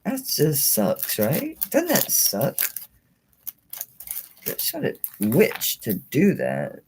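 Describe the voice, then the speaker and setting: A woman hosts a live jewelry auction stream, showing off and pricing items as she goes. Her pitch bounces up and down in a lively, animated way, and her casual talk is peppered with mild swearing. She sounds a bit worn out. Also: extremely slow, a little hiss or hum. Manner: chatty and salty, with frequent mild swearing; animated, talking while handling and showing items. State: tired and yawning late in the stream.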